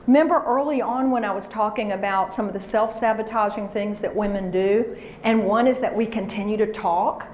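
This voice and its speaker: A woman's voice: medium pitch, brisk, a little mellow. Woman workshop coach, emphatic, drills phrases, roomy echo, faint background noise. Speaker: career workshop speaker. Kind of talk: live workshop presentation.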